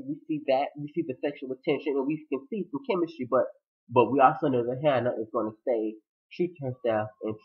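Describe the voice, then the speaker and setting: Man, casual TV recap vlog, slangy and blunt, acts out the characters' lines, thin phone-like audio. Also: mid-range voice. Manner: animated, acts out characters' quotes. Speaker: TV episode recapper. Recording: tinny phone-like sound.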